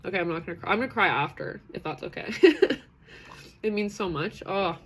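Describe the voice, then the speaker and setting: Thirties woman hosting a live stream, lowish voice with vocal fry, chatty and quick to laugh. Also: expressive. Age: 30s. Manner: chatty and warm-hearted, laughs often, talks in rambling restarts. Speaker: host of a live self-acceptance session. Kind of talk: casual live-stream talk, reading chat comments.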